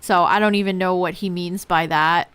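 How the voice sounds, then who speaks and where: A young woman live-streaming a game, chatting casually with her viewers, her voice going a little hoarse. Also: fairly low pitch, steady tone, normal speed, fairly bright tone, faint music behind. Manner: laid-back, chatty, talks to chat. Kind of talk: casual live-stream chat while gaming.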